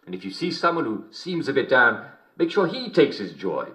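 A man's voice: mid-range voice, big pitch swings, moderate pace, a bit bright. An actor playing a jovial, middle-aged English TV host who chuckles between lines with a smarmy showman delivery, in a scripted game broadcast. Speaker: TV and radio host.

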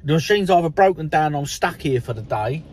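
A man's voice: a little high, animated, a little fast, darkish tone. Jokey guy filming in a car wash. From England. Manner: chatty, jokey, addresses viewers as "people" and "mate". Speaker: vlogger. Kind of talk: casual vlog chat. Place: inside a car at an automated car wash. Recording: noisy car wash in the background.

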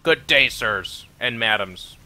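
A man putting on the voice of a prim, offended fan reading out a formal complaint letter in a slow, mock-formal tone. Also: mid-range voice, lively intonation, sharp tone, full character voice. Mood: mock indignant.

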